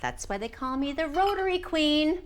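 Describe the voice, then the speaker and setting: A woman's voice: high voice, very animated, moderate pace, a little hiss or hum. A fussy Rotary Queen. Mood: self-assured. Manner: fussy, self-assured, sarcastic. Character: self-important woman, the town's Rotary Queen. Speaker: Rotary fundraiser organizer.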